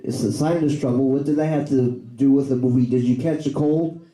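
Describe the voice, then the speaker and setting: A man's voice: mid-range voice, fairly even intonation, a little fast, mellow. A man at an open mic telling corny one-liner puns and chuckling at his own jokes. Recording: echoey cafe room.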